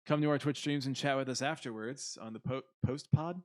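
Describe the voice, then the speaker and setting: A man's voice: medium pitch, fairly quick, dry recording, studio quality. A young man co-hosting a casual podcast, telling awkward stories on himself with lots of laughing and swearing. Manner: self-mocking, laughing, swearing storyteller. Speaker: podcast co-host.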